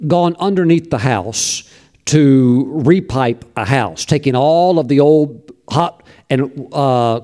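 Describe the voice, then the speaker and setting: A man's voice: medium pitch, mellow. A middle-aged male preacher telling a personal story in a folksy sermon, with many fillers.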